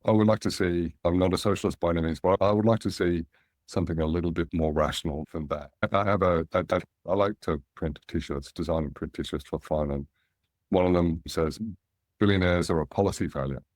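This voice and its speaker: A middle-aged Australian man, a guest in an interview, telling relaxed anecdotes and animating the voices of people he quotes. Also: low voice, a little fast, no echo, clean studio sound. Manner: anecdotal, animated when quoting others. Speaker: guest, angel investor.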